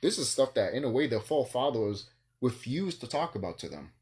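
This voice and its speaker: A man's voice: mid-range voice, very animated, fairly quick, darkish tone. A man vlogging in a rambling solo monologue, ranting and swearing, with bursts of laughter.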